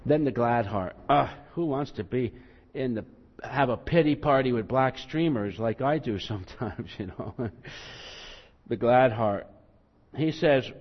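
A man's voice: medium pitch, unhurried. A male pastor preaching a sermon in a conversational, self-deprecating way, acting out quotes with rising emphasis. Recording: muffled, long hall reverb.

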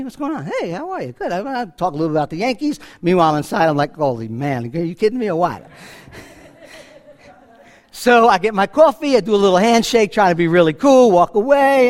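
A middle-aged male pastor delivers a sermon in a fairly high voice. He tells personal stories with lively swings, dropping to hushed asides and rising to loud emphasis.

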